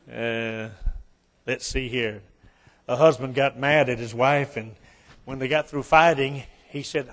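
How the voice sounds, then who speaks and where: A man's voice: mid-range voice, a little slow, a bit bright. A man from West Virginia with an Appalachian accent, a guest preacher mixing jokes into a folksy sermon and rising to fervent appeals.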